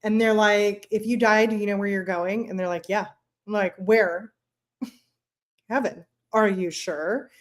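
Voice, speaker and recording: Woman, podcast co-host, casual chat, blunt and profane, slips into quick voices for the people she retells. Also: mid-range voice, level tone.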